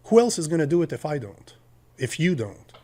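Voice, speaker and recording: A man's voice: fairly high pitch, sing-song, fairly quick, dark tone. Heated man with a French Canadian accent. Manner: emphatic, heated, argumentative. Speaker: podcast guest. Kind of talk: political talk.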